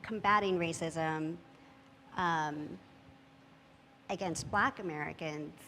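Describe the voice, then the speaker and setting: Low-pitched woman on a panel in a hall. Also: pushed and bright. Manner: thoughtful, measured, frequent fillers. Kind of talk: panel discussion talk. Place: church hall. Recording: long hall reverb, faint noise.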